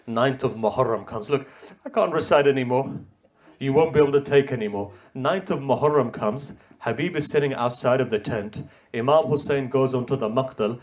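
A man's voice: mid-range voice, normal speed. Impassioned man reciting a mourning sermon. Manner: impassioned, swinging between loud cries and hushed tones; sprinkles Arabic religious terms. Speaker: religious reciter.

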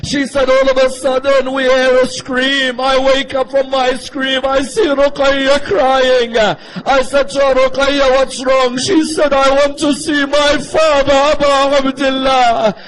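A man preaches an emotional religious sermon in a strikingly high voice. He tells the story with deep feeling and keeps turning to his listeners with rhetorical questions. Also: little pitch movement, unhurried, hardly any pauses, slight background noise, low-quality recording.

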